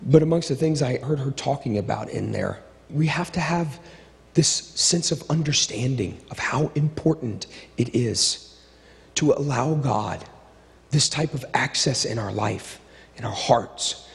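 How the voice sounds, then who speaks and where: A middle-aged male pastor preaching a sermon with impassioned, repetitive phrasing, swinging between stirring build-ups and low, quiet asides. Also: unhurried, gravelly. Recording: long reverb of a large hall.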